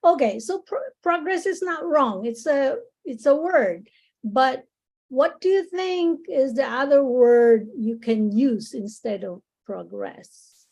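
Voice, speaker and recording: Slow, patient high-voiced woman tutor. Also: lively intonation, a little mellow, rough recording. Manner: patient, encouraging, explains slowly with many restarts. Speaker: IELTS speaking tutor. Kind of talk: online English lesson.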